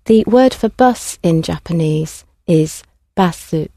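A woman language teacher who talks her class through each sentence with clear, patient prompts. Her voice sits slightly low and sounds mellow, and the recording is dry and close. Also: lively intonation, slow, dry recording. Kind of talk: classroom instruction.

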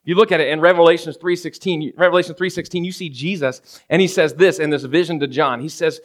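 A man's voice: a little high, fairly even intonation, fast talker, few pauses. A man preaching a conversational sermon as a pastor, often checking in with "right?" and acting out everyday scenes. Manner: casual, keeps asking "right?" of the congregation; acts out everyday scenes in quoted voices.

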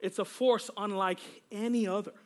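A pastor with a high, darkish voice preaches at a moderate pace in a church service, his intonation fairly even. Fervent and full of exclamations, he often bursts into praise and trades casual jokes with the congregation.

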